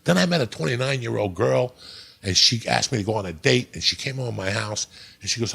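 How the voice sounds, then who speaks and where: Guy in his middle years, raspy husky voice, cussing his way thru a story. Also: medium pitch, fairly quick. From New Jersey. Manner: profane, animated storyteller. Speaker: podcast guest. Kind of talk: casual storytelling.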